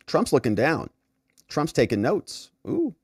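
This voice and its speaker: A man's voice: fairly high pitch, big pitch swings, unhurried, darkish tone, slightly rough, no echo, clean studio sound. A man hosting a legal commentary stream, sarcastic and mocking, acting out quotes from the people he discusses. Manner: sarcastic, mocking, acts out quotes in shifting voices. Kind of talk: livestream commentary.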